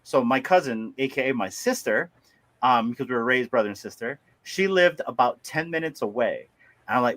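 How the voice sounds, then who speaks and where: A man tells a long story on a livestream. His voice is bright and forward. He talks in a lively way, laughs often and slips into other people's voices as he goes. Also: medium pitch, normal speed. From Hawaii. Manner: animated, laughing, acts out voices. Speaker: livestream host. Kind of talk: casual storytelling.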